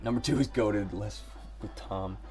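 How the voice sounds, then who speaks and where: A man's voice: lowish voice, unhurried, a little mellow, faint music behind. A man from Ohio chatting casually on a live stream, rambling and joking as he works. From Ohio, United States. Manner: rambling, joking, talks to himself. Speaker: livestreaming artist.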